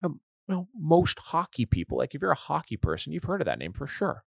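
A man's voice: a little high, sing-song, a little fast, creaky, a bit bright, no echo, clean studio sound. A man hosting a casual hockey podcast, an enthusiastic fan who rambles and restarts his sentences. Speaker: podcast host.

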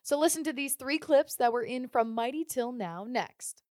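A woman podcast host reading a scripted episode intro in an upbeat, brisk way. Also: sits high, animated, a little mellow, no room sound, clean studio sound.

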